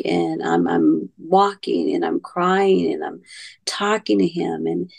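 Woman, podcast guest, gravelly, halting personal storytelling, repeats herself, soft trailing endings. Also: fairly low pitch, animated. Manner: halting, repeats words, trails into near-whispers.

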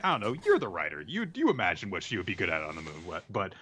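A man's voice: sits low, wildly swooping pitch, fast, fairly bright tone, a little hiss or hum. A man co-hosting a casual chat who muses aloud and hedges often with fillers. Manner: rambling, hedging with fillers. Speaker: podcast co-host.

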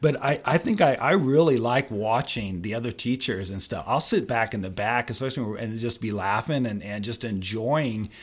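A man in his fifties, a longtime Sunday school teacher, chatting on a church podcast in a halting, rambling way with many restarts. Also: mid-range voice, husky. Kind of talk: casual podcast chat.

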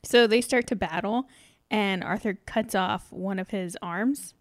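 A woman's voice: mid-range voice, measured pace, dry recording, studio quality. A woman recapping a comedy movie in casual chat, giggling and loose with fillers.

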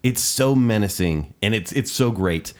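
A man's voice: lowish voice, lively intonation, a little slow, a little mellow. A man hosting a podcast who also edits it, joking in casual chat. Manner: joking, wry. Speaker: podcast host and editor.

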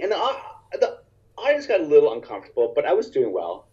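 A man, a stand-up comedian, telling a story in casual conversation in an animated, profane way and acting out other people's lines. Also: fairly high pitch, quick pace, highs cut off.

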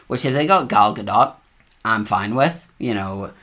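A man co-hosting a casual chat, telling animated stories and acting out quotes. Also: fairly low pitch, measured pace. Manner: animated storytelling, acts out quotes. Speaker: podcast co-host.

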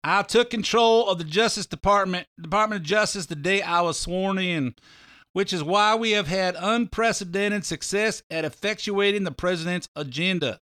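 A man's voice: high voice, normal speed, bright, forceful tone, smooth, dry recording, voice pushed up. Older Southern official, put on by a man, Southern US accent, drawling, formal, dry close sound.

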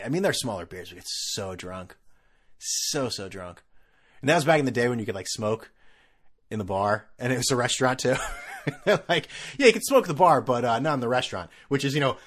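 A man's voice: medium pitch, a bit bright. Sarcastic, rambling male podcast host. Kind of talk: casual solo podcast rant.

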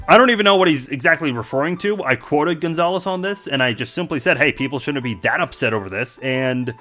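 A man's voice: medium pitch, expressive, fairly quick, few pauses, pushed and bright, faint music behind. A man from Iran hosting a podcast, casually and wryly reacting to mean comments, with frequent filler words. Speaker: podcast host.

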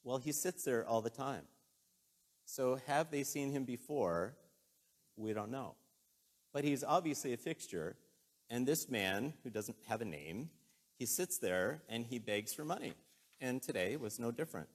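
A man preaching a sermon in a relaxed, conversational way, telling a story earnestly and with emotion. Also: medium pitch, unhurried.

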